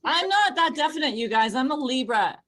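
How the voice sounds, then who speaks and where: A middle-aged woman from Los Angeles working through a stand-up set. Her pitch swings widely as she talks, and she keeps leaping into squealy impressions of the people she quotes. Her delivery is chatty and lively. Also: a little fast. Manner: animated, jumps into high squealing voices for quoted people. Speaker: stand-up comedian.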